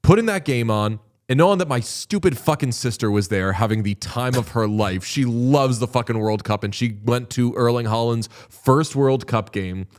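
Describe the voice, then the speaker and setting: A man's voice: mid-range voice, moderate pace, few pauses. A man co-hosting a casual sports podcast, telling rambling stories with plenty of swearing. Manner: rambling storytelling, heavy swearing. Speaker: podcast co-host. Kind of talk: casual chat.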